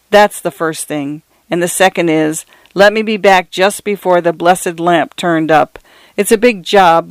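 A man's voice: high-pitched, no room sound. A man voicing a panicky little clerk. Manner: panicky, pleading, plain-spoken with rough grammar. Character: frightened small English clerk, a man. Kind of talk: storybook reading, character voice.

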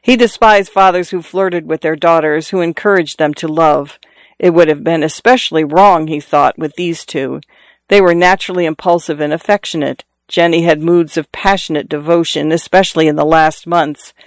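A man narrates a novel in a measured, even manner. His voice is smooth and resonant and sits somewhat high for a man. The sound is dry and close, with no room around it. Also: no echo. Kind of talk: scripted audiobook narration.

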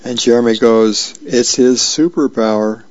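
A man volunteer reader reading comic strips and birthdays aloud in a slow, unhurried way with small fillers and restarts. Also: medium pitch, steady tone, no echo, highs cut off.

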